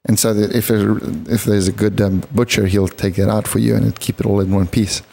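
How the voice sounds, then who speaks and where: Male podcast co-host, deep mellow tone, chatty and meandering. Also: level tone, fairly quick, gravelly. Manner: rambling, filler-heavy storytelling. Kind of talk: casual chat. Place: podcast studio set with lights.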